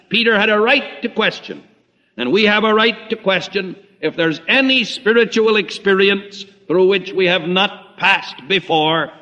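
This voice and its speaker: Male preacher, high bright voice, dramatic delivery from booming to hushed; lo-fi hall recording. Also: a little slow. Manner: dramatic, swinging between loud emphasis and hushed low tones. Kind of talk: sermon. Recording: muffled lo-fi recording in a reverberant hall.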